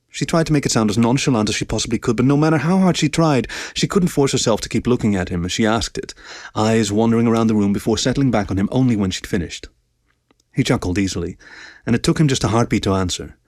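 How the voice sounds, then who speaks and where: A man reading a story aloud with even, steady narration. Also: lowish voice, quick pace, no echo, clean studio sound. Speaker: story reader.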